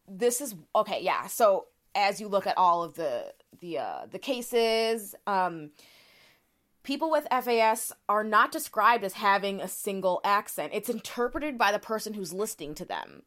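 A woman's voice: mid-range voice, lively intonation, moderate pace, a bit bright. Woman, podcast co-host, casual and chatty, explains step by step, frequent fillers.

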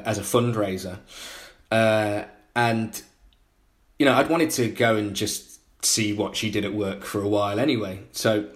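A man, a podcast guest telling a story in a lively way and acting out other people's voices. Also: lowish voice. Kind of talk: casual anecdote telling.

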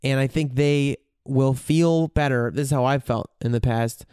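A man's voice: medium pitch, moderate pace, darkish tone, smooth, no room sound, studio quality. A man in a candid, reflective monologue, swearing freely and searching for his words as he goes.

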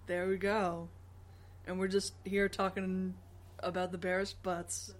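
A woman's voice: fairly low pitch, level tone, measured pace, a little hiss or hum. A woman co-hosting a podcast in casual chat, joking, often laughing and swearing freely. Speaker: podcast co-host.

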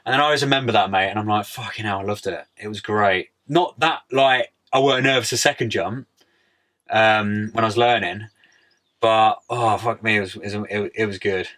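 A man's voice: fairly low pitch, normal speed, fairly bright tone. A young man chatting casually as a podcast guest, laid-back, full of slang and "mate". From United Kingdom. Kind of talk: casual interview chat.

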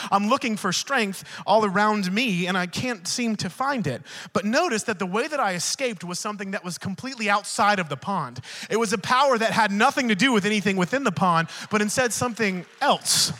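A man preaches with a high, ringing voice. He moves from fervent, shouted declarations to relaxed storytelling and acts out the voices in his tale. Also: brisk, long reverb tail. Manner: shifts between loud preaching and quiet storytelling; acts out dialogue in his stories. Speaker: pastor. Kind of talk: sermon with storytelling.

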